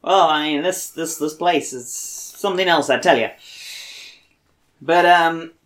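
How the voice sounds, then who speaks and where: A woman's voice: low voice, a little slow. A woman doing a friendly Boston man in a tabletop game, talking in a put-on Boston accent. He rambles and hesitates, padding his protective words with fillers. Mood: earnest.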